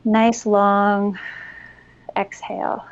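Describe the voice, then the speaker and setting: A woman giving expert parenting advice as a podcast guest, calm and instructive, at times guiding a breathing exercise. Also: mid-range voice, very slow, muffled recording. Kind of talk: explanatory interview talk.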